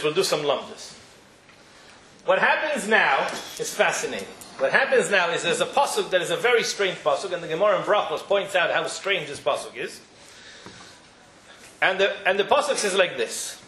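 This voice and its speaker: Man teaching a religious class, high voice, bright tone, animated with restarts, echoey room. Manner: animated storytelling with frequent restarts.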